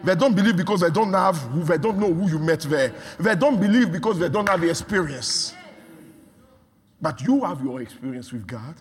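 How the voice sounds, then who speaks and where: A man preaching a sermon, repeating phrases and building from quiet talk to shouts. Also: on the high side, expressive, normal speed. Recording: long hall reverb.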